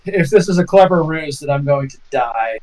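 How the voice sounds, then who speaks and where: A man's voice: a little high, expressive, normal speed, darkish tone, low-quality recording. A man playing a tabletop game, thinking aloud in a hesitant, casual way. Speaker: player.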